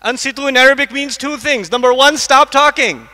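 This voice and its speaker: High-voiced man lecturing in a hall. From United States. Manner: animated, asks the audience questions; recites Arabic verses quickly. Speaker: Islamic lecturer. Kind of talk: religious lecture to a live audience. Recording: long hall reverb.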